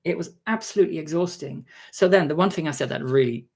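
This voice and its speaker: A man vlogging a casual story, exasperated and sarcastic, acting out the people he quotes with sudden jumps in pitch. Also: fast talker, gravelly, a little mellow. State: tired.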